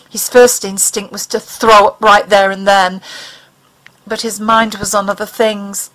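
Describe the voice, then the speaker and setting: Woman reading a dramatic audiobook, expressive, leans into the tense bits. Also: fairly high pitch, low-quality recording. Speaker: audiobook narrator.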